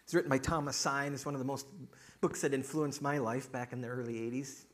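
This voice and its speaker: A man's voice: mid-range voice, fairly even intonation, fairly quick, fairly bright tone. A middle-aged male pastor preaching a sermon, telling a joke story and reading scripture with rising emphasis.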